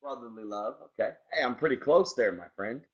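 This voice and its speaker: A man's voice: mid-range voice, animated, a little fast. A male co-host in casual chat who enthusiastically greets listeners by name. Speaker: podcast co-host. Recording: dull lo-fi sound.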